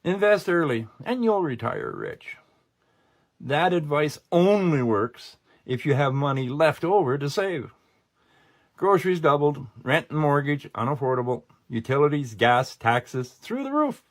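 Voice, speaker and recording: Emphatic man, frustrated commentary. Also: a little high. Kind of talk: scripted social commentary.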